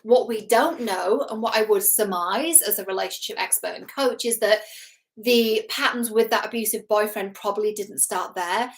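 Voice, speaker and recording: A woman's voice: medium pitch, normal speed, poor audio. Chatty, earnest woman relationship coach. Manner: chatty and earnest, acts out quotes, laughs at herself. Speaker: relationship coach reacting to a TV series. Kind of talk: casual commentary to camera.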